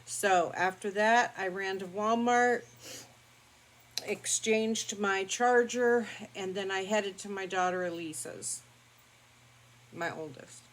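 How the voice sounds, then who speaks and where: An older woman vlogger telling a personal story in a calm, rambling, matter-of-fact way with many fillers. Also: mid-range voice, slow pace, low-quality recording. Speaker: beauty vlogger. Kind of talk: casual storytelling to camera.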